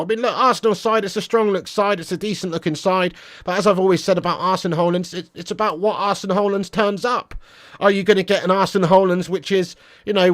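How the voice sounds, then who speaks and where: Slangy football fan host. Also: male voice, on the high side, a bit bright, no room sound, studio quality. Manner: casual banter, slangy, swearing. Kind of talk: live-stream fan chat.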